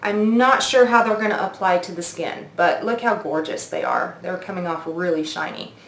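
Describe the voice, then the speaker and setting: A woman's voice: lowish voice, moderate pace, reverberant. A woman in her forties doing a makeup review vlog, gushing and oohing as she tries products at her mirror. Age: 40s. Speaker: beauty vlogger.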